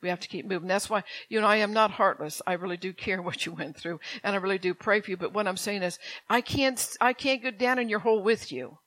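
A woman's voice: mid-range voice, quick pace, few pauses, fairly bright tone, no echo. An older woman preaching a sermon in a conversational way, with rambling asides and impassioned prayers she voices aloud.

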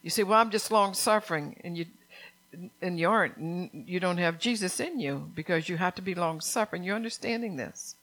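A woman's voice: lowish voice, fairly quick, fairly bright tone. An older woman preaching an earnest sermon, reading scripture aloud and asking her congregation questions.

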